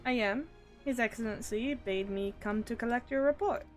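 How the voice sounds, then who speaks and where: A woman's voice: a little high, faint music behind, close to an everyday voice, poor audio. A woman voicing a polite, formal young boy envoy in a fantasy game, reading his lines in her own voice. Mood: earnest. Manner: courteous, earnest, measured.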